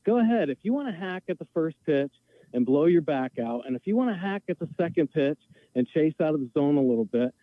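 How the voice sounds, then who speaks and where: Ranting male caller, a bit high-pitched, on a thin phone line. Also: animated, fairly quick. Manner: exasperated, emphatic, ranting. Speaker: call-in guest. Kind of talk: heated sports opinion rant.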